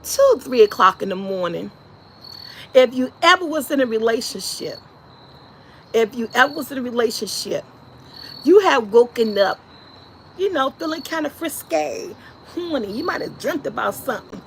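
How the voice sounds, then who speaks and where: A woman vlogger retelling a movie in a lively, casual way, laughing and shrieking in places. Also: sits high, moderate pace, a little hiss or hum, poor audio. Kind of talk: animated casual storytelling.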